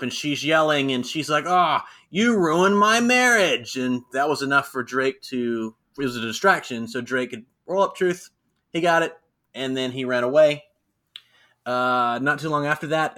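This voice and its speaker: A man co-hosts a podcast with a bright, forward tone. He recaps events in a chatty, storytelling way and acts out the quotes. His pitch sits in the middle for a man. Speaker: podcast co-host. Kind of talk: casual wrestling recap chat.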